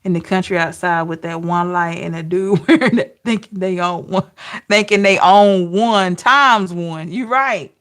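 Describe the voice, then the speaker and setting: Speaking in a lowish voice with a fairly bright tone, a woman tarot reader chats with her live-stream audience. She laughs, talks back to viewers by name, and draws out her disbelieving exclamations.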